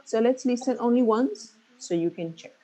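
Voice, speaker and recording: A woman's voice: on the high side, normal speed, dark tone, poor audio. A woman teaching an English class, patiently explaining stress and checking in with her students again and again. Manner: patient, checks in often with "right?".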